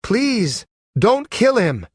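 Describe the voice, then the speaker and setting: A man's voice: a little high, big pitch swings, moderate pace, darkish tone, dry recording, studio quality, pitched above the performer's own voice. A man voicing a young woman priestess in an audiobook, fierce and pleading, speaking with a raised, urgent voice.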